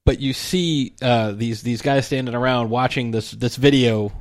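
A man's voice: mid-range voice, moderate pace, no echo, studio quality. A man chatting casually about movies, rambling with lots of fillers and restarts. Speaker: film commentator. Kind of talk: casual film discussion.

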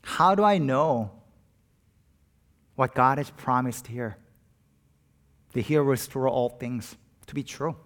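A middle-aged man preaching a sermon, earnest, building to loud emphatic peaks on key phrases. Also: mid-range voice, lively intonation, slow, long pauses. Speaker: pastor.

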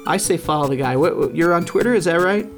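A male podcast host wrapping up a casual episode, talking haltingly with many fillers. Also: a little high, soft background music. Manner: halting, filler-heavy, friendly wrap-up.

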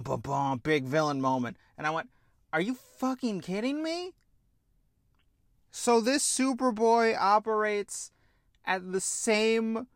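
A man's voice: on the high side, no room sound, studio quality. A man hosting a show, ranting through a TV review with exasperated, profane sarcasm. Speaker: show host.

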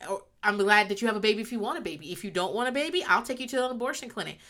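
Bright-voiced rambling woman recapping a sitcom. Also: mid-range voice, lively intonation, rapid-fire. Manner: rambling, laughs often, acts out characters' lines. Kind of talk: casual chat recapping a sitcom.

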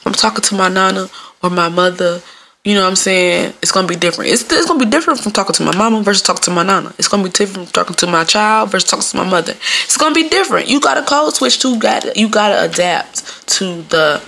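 Laughing, profane woman podcaster, gravelly. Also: medium pitch, fast, bright, forceful tone. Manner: laughing often, loose and profane, mimics voices in quotes. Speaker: podcast host. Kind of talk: casual solo podcast talk.

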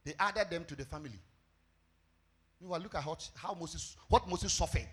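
A male pastor, preaching a fervent sermon that breaks into shouts and sung phrases. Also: on the high side, moderate pace, slightly rough.

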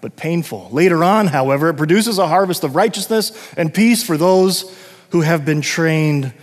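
A man's voice: on the high side, expressive, normal speed. A middle-aged man preaching a sermon as pastor, reading scripture and breaking into casual asides and short laughs. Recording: long hall reverb.

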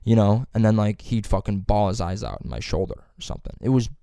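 Young guy on a podcast, swears a lot, acts out quotes loud, dry room sound. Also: on the low side, fast talker, vocal fry, smooth, dry recording. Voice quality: profane, rambling storyteller. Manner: animated, acts out quotes loudly. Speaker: podcast co-host. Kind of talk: casual chat.

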